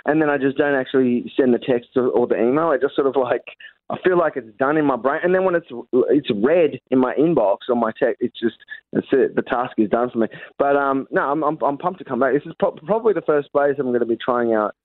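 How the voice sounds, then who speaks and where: A man with an Australian accent telling stories as a comedian guest, with animated delivery and frequent stammering restarts. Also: medium pitch, brisk, no room sound. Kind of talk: phone interview chat. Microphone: phone call. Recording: tinny phone line.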